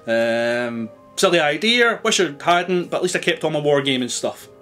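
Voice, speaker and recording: Male vlogger, higher-pitched voice, rambling, hesitant, self-deprecating chat over faint music. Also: animated, normal speed, pushed and bright. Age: adult, married. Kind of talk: casual vlog answering questions.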